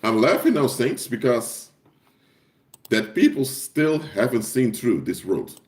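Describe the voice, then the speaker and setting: A man's voice: medium pitch, sing-song, takes it slowly, a little mellow. A man preaching on a live stream in an impassioned way, hammering home points by repeating phrases. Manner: emphatic, repeats key phrases for force.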